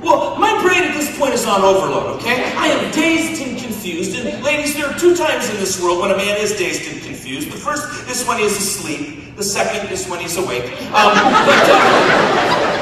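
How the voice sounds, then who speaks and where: A man giving a humorous storytelling speech at a banquet, animated and playful, talking straight to the audience. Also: high voice, normal speed, over a noisy crowd. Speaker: banquet speaker. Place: large banquet hall. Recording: echoey hall from far off, room noise.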